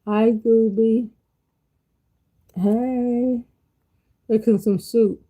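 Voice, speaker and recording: A woman hosting a casual cooking vlog, talking in a relaxed, folksy way to herself and greeting viewers by name. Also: a little high, very slow, poor audio. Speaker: cooking channel host. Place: home kitchen.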